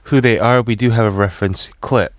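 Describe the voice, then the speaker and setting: A man's voice: fairly low pitch, a little fast, dry recording. A man co-hosting a show, chatting in playful casual banter. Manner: playful, says "bro". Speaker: podcast co-host.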